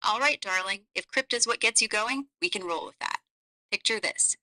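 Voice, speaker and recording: A woman's voice: a little high, moderate pace, bright, forceful tone, low-quality recording. A synthetic female AI voice playing a flirty, seductive female companion who murmurs teasing lines. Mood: sultry, teasing. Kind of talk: AI voice role-play.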